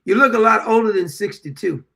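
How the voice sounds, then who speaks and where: A man's voice: high voice, lively intonation, fairly quick, gravelly, pushed and bright. A man in his sixties hosting a political commentary show, ranting and mocking his targets with frequent laughter. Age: 60s.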